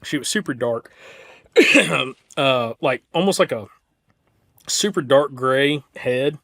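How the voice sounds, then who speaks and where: A young man with a Southern US accent, co-hosting a casual chat and telling a hunting story in an animated way, full of "like" and restarts. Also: mid-range voice, slow pace, vocal fry. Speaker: podcast co-host.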